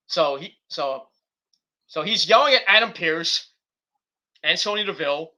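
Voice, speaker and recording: A man's voice: a little high, animated, unhurried, pauses often, pushed and bright. A man streaming a casual, rambling recap of a wrestling show, full of ums and restarts. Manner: rambling, lots of fillers and restarts.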